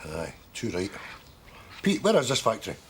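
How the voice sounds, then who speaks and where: An actor playing a brisk Scottish pensioner who hands out orders. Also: male voice, fairly low pitch, huge pitch swings, vocal fry, background noise, full character voice. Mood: bossy.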